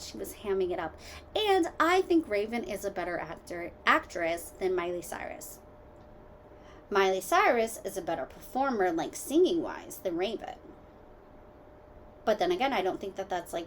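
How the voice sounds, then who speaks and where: Woman rambling on her home podcast, mid pitch, lots of likes and ums, gets loud then mutters, faint background hum. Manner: rambling, tangent-hopping, filler-heavy; animated, swings between loud asides and quiet mutters. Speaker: podcast host. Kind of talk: casual solo podcast chat.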